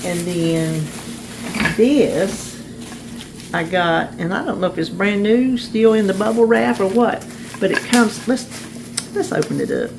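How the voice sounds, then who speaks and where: This is a woman, chatting folksily to viewers in a casual vlog. She laughs easily and rambles from one thought to the next, speaking into a phone camera. A steady car rumble sits clearly under her voice. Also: measured pace. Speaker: vlogger. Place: in a car, then at home.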